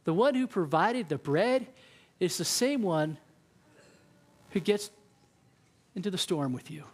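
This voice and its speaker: A man's voice: sits high, animated, measured pace. A man preaching a casual, conversational sermon, often acting out what people in the story say. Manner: conversational preaching, acts out quoted voices. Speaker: youth pastor.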